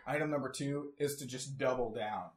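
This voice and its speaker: A man's voice: medium pitch, a little fast. A man in casual chat giving wry commentary and acting out what someone could have said. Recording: echoey room.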